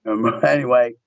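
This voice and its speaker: A man's voice: medium pitch, creaky, no room sound, dull audio. A man, a guest on a podcast, chatting casually and animatedly acting out his own story. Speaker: guest, window tint shop owner.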